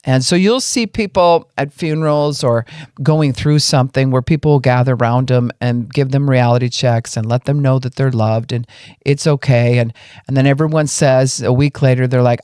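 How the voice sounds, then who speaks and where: A man's voice: mid-range voice, normal speed, darkish tone, smooth, no echo, clean studio sound. A man giving an earnest teaching talk on a podcast, explaining emotions step by step and acting out people's inner voices. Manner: acts out people's inner voices in quoted lines. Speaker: podcast speaker on grief and emotions.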